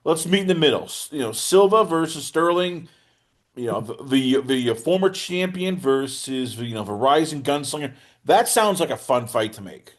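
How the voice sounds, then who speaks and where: A man hosting a casual podcast chat, animated and teasing, with big swings in pitch and loudness as he jokes. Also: moderate pace. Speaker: podcast host.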